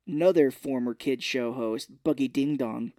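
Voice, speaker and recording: A man co-hosts a podcast, loosely rambling through a film's plot and quoting its lines in a casual recap. His mid-range voice is warm and moderately paced, captured in a dry, studio-quality recording.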